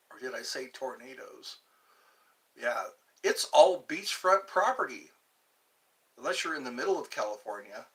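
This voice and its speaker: Male streamer, meandering chat, lively pitch, slow pace. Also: distant mic, low-quality recording. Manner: meandering, muses aloud, tries out pickup lines. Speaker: channel host. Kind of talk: rambling livestream chat.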